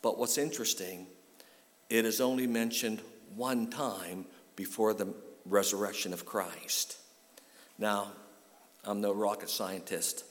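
A man's voice: on the low side, fairly even intonation, a little slow. A male pastor delivering a sermon, telling a story and then rising to a fervent call-and-response with his congregation. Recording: long hall reverb.

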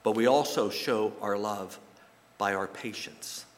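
A man giving a sermon in a church, telling folksy stories and jokes with halting repeats. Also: lowish voice. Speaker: pastor. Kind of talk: sermon with anecdotes. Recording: long reverb from a large hall.

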